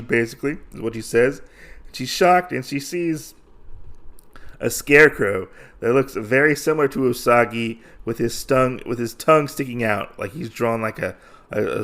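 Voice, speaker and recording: A man's voice: mid-range voice, fairly bright tone. A man hosting a podcast, recapping a comic in a casual, rambling way with many fillers. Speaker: podcast host.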